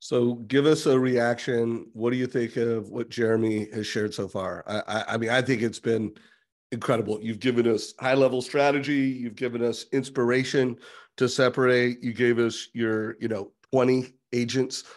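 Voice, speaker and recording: A man's voice: mid-range voice, level tone, moderate pace. A man hosting an interview, enthusiastically recapping his guest's points and asking questions. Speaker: host. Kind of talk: interview talk.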